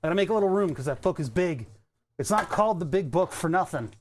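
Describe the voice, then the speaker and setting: A man's voice: high voice, animated, fast talker. Chatty man rambling at his workbench. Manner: chatty, rambling, sardonic, many restarts. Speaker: streamer. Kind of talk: casual rambling workshop stream. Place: home workbench. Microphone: desk webcam setup.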